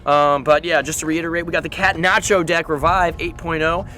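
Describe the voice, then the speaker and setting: A young man from Southern California, a skateboarding vlogger telling stories in a chatty, animated way full of fillers. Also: on the high side, brisk, a little hiss or hum. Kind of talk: casual storytelling vlog.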